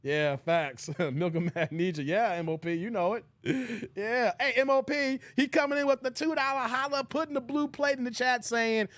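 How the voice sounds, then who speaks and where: A man's voice: high voice, moderate pace, over a noisy crowd, heavy background noise. A man hosting a casual live stream, laughing often, thanking viewers and quoting movie lines. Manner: laughs often, shouts out chat donors, quotes movie lines.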